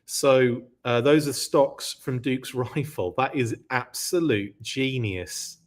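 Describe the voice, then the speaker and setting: Male host, excitable live-stream presenter, chatty with lots of fillers. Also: mid-range voice, slow. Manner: excited, gushing; chatty, many fillers and restarts. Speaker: podcast host. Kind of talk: live-stream show-and-tell, reading viewer comments.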